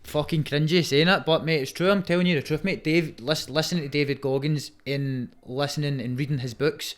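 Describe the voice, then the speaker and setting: A man's voice: on the high side, fairly even intonation, brisk. Sweary Scottish young man, earnest. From Scotland. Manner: sweary, earnest, says "mate" often. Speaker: guest, Muay Thai fighter. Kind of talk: casual podcast chat.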